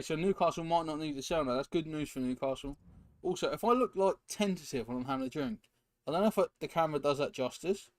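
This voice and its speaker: A young man whose voice is a little high yet darkish in tone chats casually while streaming football. He rambles, reacting to viewers and the game, over a noisy background hiss.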